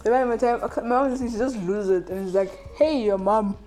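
A woman in casual chat who teases and cuts in with quick remarks. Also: mid-range voice, music in the background. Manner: teasing, chimes in with quick quips.

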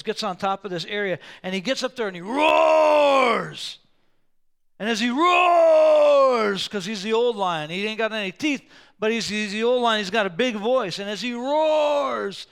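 Male pastor, high voice, smooth and resonant, lively storyteller who booms at key points. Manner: animated storytelling, sometimes roaring for emphasis. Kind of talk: sermon.

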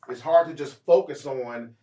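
A man's voice: on the high side, moderate pace, dark tone, far from the mic. A man hosts a podcast in loose, rambling conversation, circling back with restarts and fillers. His voice is set back from the microphone in an echoey room. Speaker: podcast host. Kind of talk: casual chat.

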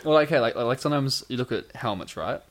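A man's voice: mid-range voice, animated, fast talker. A man co-hosting a podcast in casual chat, rambling with many fillers and restarts, drowsy on sleep medication. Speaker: podcast co-host. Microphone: home microphone on a stand.

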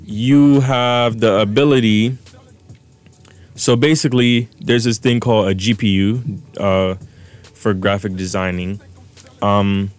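A man's voice: lowish voice, steady tone, slow pace, faint music behind. A young man co-hosting a podcast, chatting casually with a joking, slangy manner and explaining things at length. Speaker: podcast co-host. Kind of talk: casual chat.

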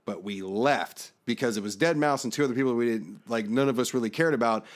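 A man's voice: mid-range voice, quick pace. A man co-hosting a podcast, telling a long story in a loose, profane, casual way. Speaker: podcast co-host.

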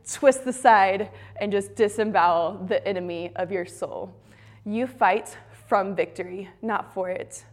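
A young adult woman giving a fervent, emphatic devotional talk at a retreat. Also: mid-range voice. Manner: fervent, emphatic preaching that ends in soft prayer. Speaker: retreat speaker.

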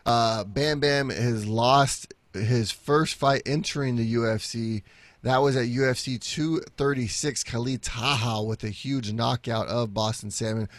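A man co-hosting a casual sports podcast, running through upcoming fights quickly and swearing now and then with an easy laugh. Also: mid-range voice, fairly even intonation, no room sound. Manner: brisk fight rundown, swears, laughs easily. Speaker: podcast co-host previewing fights.

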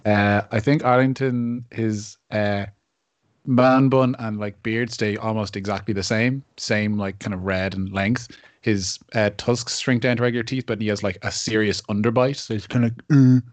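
A man's voice: on the low side, fairly even intonation, normal speed, no room sound. A man playing in a tabletop game, joking and laughing often in casual chat. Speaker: player.

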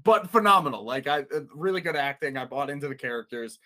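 A man co-hosting a podcast in casual chat, excitable and laughing often, swearing freely. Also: a little high, quick pace. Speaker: podcast co-host.

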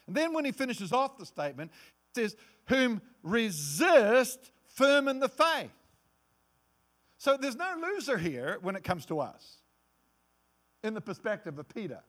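A male pastor preaching a sermon, acting out quotes in different voices and dropping to a low hush for emphasis.

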